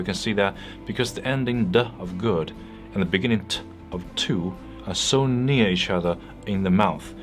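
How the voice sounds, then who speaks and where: Low-voiced man teaching pronunciation. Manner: clear, patient, explanatory. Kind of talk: scripted tutorial narration.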